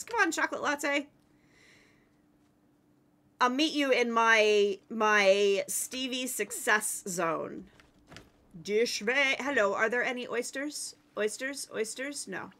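A playful woman game streamer with a high, lively voice that jumps around a lot. She talks in a bright, unhurried way, chatting with teammates and viewers and breaking into yelling when excited. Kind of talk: casual live-stream chat while playing.

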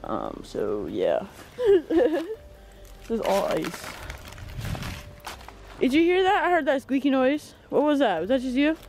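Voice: sits high, wildly swooping pitch, measured pace, gravelly, a little mellow, soft background music. A vlogger walking through woods with a handheld camera, exclaiming and calling to pets. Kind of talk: casual outdoor walking vlog. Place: outdoors in woods.

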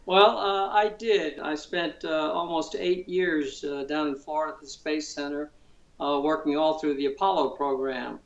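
An older man from Mississippi, a guest chef, talking casually and relaxed with many fillers. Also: on the high side, moderate pace, muffled recording. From Mississippi, United States. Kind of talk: casual interview and cooking demo.

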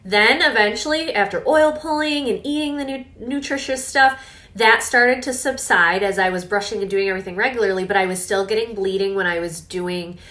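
A young woman vlogging in a casual, animated storytelling way, often acting out what people said. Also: mid-range voice, fairly quick. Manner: chatty, animated, with quoted reenactments.

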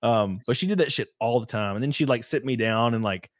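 A man's voice: medium pitch, a little fast, dry recording, studio quality. A young man telling long, rambling stories in casual chat, swearing a lot and laughing often. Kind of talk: casual storytelling.

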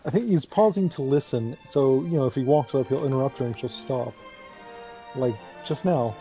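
A man rambles and jokes while a game plays, trailing into asides. His voice is dark and mellow, in the middle of the range, with light game music faintly underneath. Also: mid-range voice, normal speed. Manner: rambling, joking, fillers and restarts. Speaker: let's play co-host. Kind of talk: casual gameplay chat.

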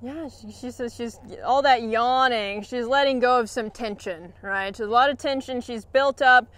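A woman horse trainer explaining a training session in a calm, encouraging way, often praising her horse. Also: fairly high pitch, moderate pace.

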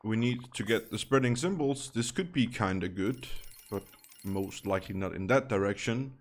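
A man's voice: fairly low pitch, normal speed, soft background music. A man giving casual, chatty commentary while playing a slot game, thinking aloud and dropping wry asides.

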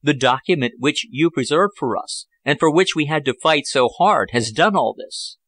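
A man's voice: fairly high pitch, animated, moderate pace, a bit bright, dry recording. A man voicing a hearty, confident diplomat who explains affairs expansively in an audiobook. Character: Bellamy, confident man-about-town diplomat.

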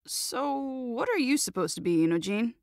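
A woman's voice: a little high, expressive, moderate pace, no room sound, studio quality, lightly acted. A woman voicing a brash, cocky teenage boy ninja in a game cutscene, playful and teasing. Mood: breezy. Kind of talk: video game cutscene dub.

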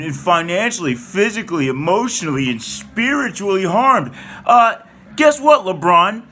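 A man's voice: sits high, pushed and bright. A man delivering an angry, profane rant to camera as a political commentator, heated and stumbling over repeated words.

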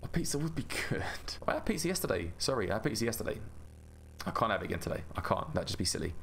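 A man's voice: fairly low pitch, very animated, rapid-fire, creaky, fairly bright tone, slight background noise. A man hosting a gaming channel, chatting through gameplay in a rambling, self-mocking way. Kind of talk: casual gameplay commentary.

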